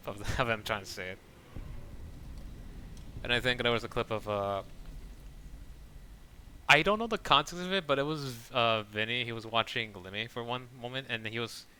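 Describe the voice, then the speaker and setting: A man chatting casually while playing a game, rambling and saying he talks too fast. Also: medium pitch, sharp tone, clear, resonant tone. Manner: rambling, self-describes talking too fast. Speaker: gaming streamer. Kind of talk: casual gameplay commentary.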